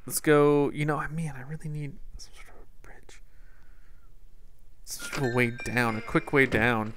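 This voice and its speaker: A man's voice: mid-range voice, normal speed, a bit bright, slight background noise. Chatty man narrating gameplay. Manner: chatty, playful, rambling asides. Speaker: gameplay host. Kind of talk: casual let's-play commentary.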